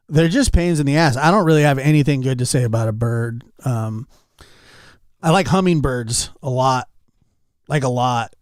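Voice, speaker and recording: A man's voice: medium pitch, unhurried, long pauses, clean tone, no room sound, clean studio sound. A man chatting casually with his stream chat, telling rambling anecdotes and calling out viewers by name. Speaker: livestreamer.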